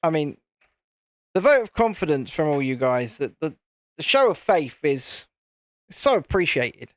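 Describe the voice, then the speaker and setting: A man's voice: fairly high pitch, sing-song, measured pace, no echo. Chatty British man hosting a live stream. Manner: chatty, self-deprecating, talks to viewers. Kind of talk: casual live-stream chat.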